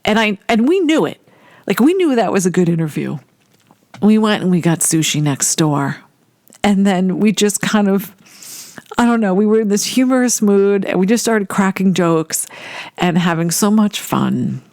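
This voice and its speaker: A woman casually telling a personal story, animated and acting out the voices of people she quotes. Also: medium pitch, normal speed, no echo, studio quality. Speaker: storyteller recounting a personal memory.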